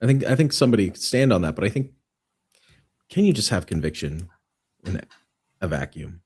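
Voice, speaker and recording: Canadian-raised male guest, very low husky voice, jokey and musing. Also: fairly quick. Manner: expressive, jokey, philosophical. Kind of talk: casual chat.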